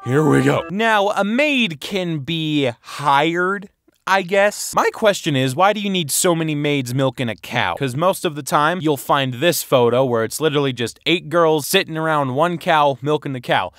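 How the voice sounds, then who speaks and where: A man doing comedic voice-over commentary, sarcastic and rambling, sometimes putting on mock-yelling rants. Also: on the high side, normal speed, no echo, studio quality. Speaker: animated comedy video host.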